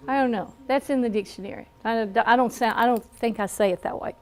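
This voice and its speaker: A woman with a Southern American accent, teaching a phonics class in a classroom and checking in with a patient "okay?". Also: fairly high pitch. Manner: slow, patient, with frequent "okay?" check-ins. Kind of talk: classroom lesson.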